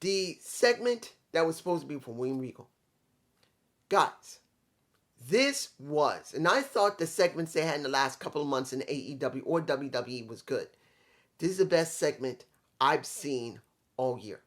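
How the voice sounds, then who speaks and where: A man's voice: on the high side, lively intonation, moderate pace, a bit bright. A man reviewing a wrestling show in a casual, rambling way, with some swearing and restarts.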